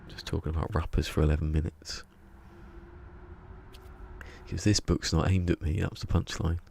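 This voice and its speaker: A man's voice: extremely low pitch, flat delivery, normal speed, gravelly, darkish tone, slight background noise. A man chatting casually while streaming a game, rambling and chuckling as he talks to himself. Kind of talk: casual gaming stream chat. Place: home room.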